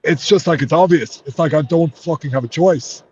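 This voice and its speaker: A man's voice: a little high, a little fast, a little mellow, husky, muffled recording. A man with an Irish accent, a fighter in an interview, talking heatedly and swearing a lot. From Ireland. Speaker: MMA fighter.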